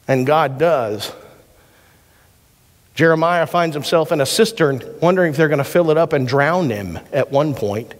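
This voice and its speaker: A man pastor giving a sermon, mixing scripture with folksy stories and jokes. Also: fairly high pitch. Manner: folksy storytelling with quick jokes. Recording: church hall reverb.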